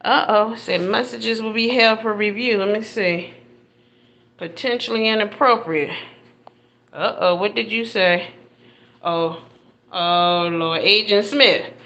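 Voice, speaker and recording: A woman's voice: medium pitch, a bit bright, highs cut off. A middle-aged woman with a Southern American accent, raised up north, hosting a playful, sassy live-stream chat with her viewers through a phone held in her hand. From northern United States. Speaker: live-stream comedy host.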